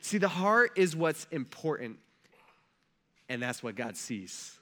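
A male pastor with a bright, forceful voice that sits a little high for a man. He preaches in a loose, conversational way and acts out the characters with humorous asides. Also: very animated, slow pace. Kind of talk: casual sermon.

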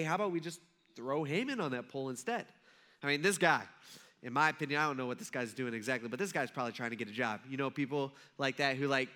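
A man's voice: on the high side, bright, forceful tone. A male pastor preaching a sermon in a conversational, humorous storytelling style.

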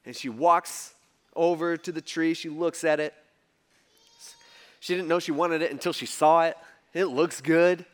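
A male pastor preaching a conversational sermon, animated and swinging between soft and loud. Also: a little high, a little slow, pauses often.

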